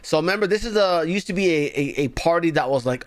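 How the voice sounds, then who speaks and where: A man hosting a live online show, ranting sarcastically through his political commentary. His voice sits a little higher than most men's. It is heard close and dry, with almost no room sound. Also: expressive, quick pace, dry recording. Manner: sarcastic, mocking.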